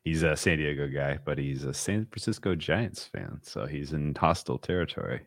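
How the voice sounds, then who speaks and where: A man co-hosting a casual sports betting show, rambling and relaxed with filler words. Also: rumbling low, moderate pace, gravelly, dry recording, studio quality. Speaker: podcast co-host.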